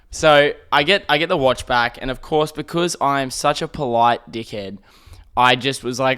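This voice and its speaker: A young Australian podcast host tells a long, rambling comic story, swearing often and acting out the people in it, his throat irritated by smoke. His mid-range voice is smooth and sharp-toned, fairly quick, with fairly even intonation.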